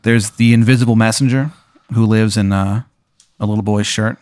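A man's voice: fairly low pitch, steady tone, moderate pace, darkish tone, dry recording, studio quality. A man telling a rambling, absurd hypothetical in casual talk, full of fillers. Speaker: podcast co-host. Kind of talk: casual improvised storytelling.

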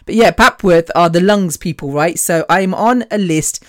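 A woman's voice: on the low side, moderate pace, dry recording, clean studio sound. A woman hosting her own podcast, talking bluntly and defiantly in a chatty monologue, laughing often. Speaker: podcast host. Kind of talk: casual monologue.

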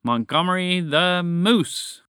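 A man's voice: high-pitched, slow pace, a bit bright, smooth, dry recording, clean studio sound, voice pushed up. A man voicing a pompous, grandly theatrical male talking dog in a children's storybook podcast. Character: pompous male chocolate lab dog, grand then sheepish.

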